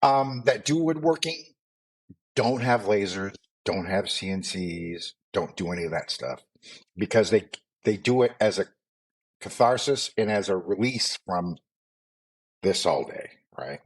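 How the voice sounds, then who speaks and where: A man's voice: fairly low pitch, measured pace, breathy edge. A middle-aged man with a mild Maine accent, co-hosting a podcast in a loose, rambling chat full of fillers and asides. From Maine, USA. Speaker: podcast co-host. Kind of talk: casual chat.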